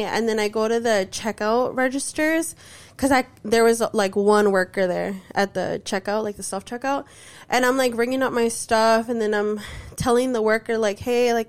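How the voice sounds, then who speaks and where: A woman with a slightly high voice tells a story in relaxed, chatty conversation. She leans on "like" constantly and jumps into the voices of the people she quotes. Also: clear, resonant tone. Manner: chatty, fills speech with "like", acts out quoted voices. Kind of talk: casual storytelling chat.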